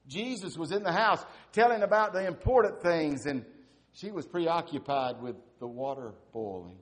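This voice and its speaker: A man's voice: on the high side, lively intonation, moderate pace. A man preaching a sermon, asking repeated rhetorical questions and building to emphatic peaks.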